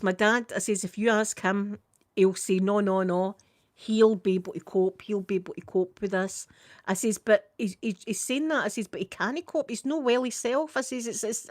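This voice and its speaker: An older Scottish woman tells a story in a lively, chatty way and keeps saying "I says" as she retells what was said. Her voice sits at a middle pitch, and the recording is close and dry with no room sound. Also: no room sound. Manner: animated, repeats "I says" while retelling a conversation. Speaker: vlogger. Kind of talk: casual storytelling chat.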